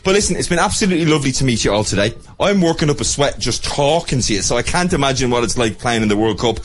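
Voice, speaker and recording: A man's voice: mid-range voice, fast. An Irish man hosting a radio show, teasing children as he interviews them at a primary school. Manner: playful, teasing, lively. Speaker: radio host.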